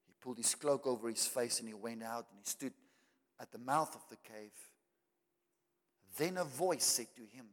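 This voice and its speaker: A man preaching a sermon, swinging between loud climaxes and quiet asides. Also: medium pitch. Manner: dramatic preaching with rising shouts and soft drops. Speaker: pastor. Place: church hall. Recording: long hall reverb.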